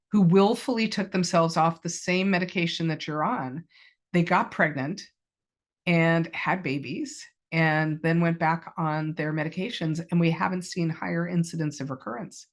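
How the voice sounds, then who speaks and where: A woman in her fifties, a cancer patient, telling her personal story in an interview in a candid, reflective way, with many ums. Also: on the low side. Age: 50s. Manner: candid and reflective, with frequent fillers.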